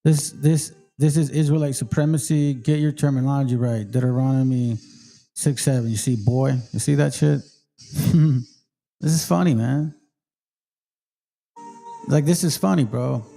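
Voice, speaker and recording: Middle-aged guy from mexico hyping up his commentary, emphatic and preachy, soft mellow voice, bit of music underneath. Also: medium pitch, fairly even intonation, unhurried, gravelly, long pauses. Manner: emphatic, street-casual preaching. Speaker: channel host. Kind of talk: commentary on a played debate clip.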